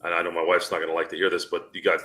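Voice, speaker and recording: A man's voice: deep voice, little pitch movement, racing, pushed and bright. A man in casual sports chat, emphatic and swearing now and then. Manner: emphatic, swears, gives advice.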